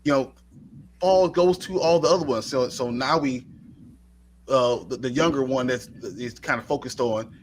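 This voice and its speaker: A man's voice: medium pitch, moderate pace, slight background noise. A man co-hosting a live movie review show, gushing enthusiastically about a film in casual chat.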